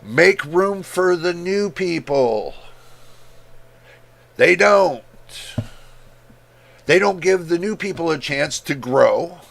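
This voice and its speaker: A man's voice: a little high, expressive, slow pace, creaky, long pauses, a bit bright. A man hosting a tech livestream as a reviewer, talking in a heated, emphatic way and repeating words for stress, with an occasional cough. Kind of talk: casual livestream rant.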